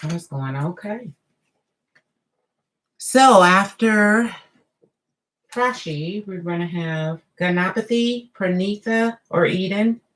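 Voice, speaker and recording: A woman giving a live tarot reading in a chatty, drawn-out way, full of asides. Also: mid-range voice, lively intonation, a bit bright, poor audio. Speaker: tarot reader.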